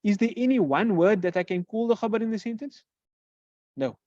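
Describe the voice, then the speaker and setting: A teacher giving a grammar lesson who poses questions and answers them, repeating example phrases slowly. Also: mid-range voice, expressive, mellow, dry recording. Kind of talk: classroom lecture. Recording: dull lo-fi recording.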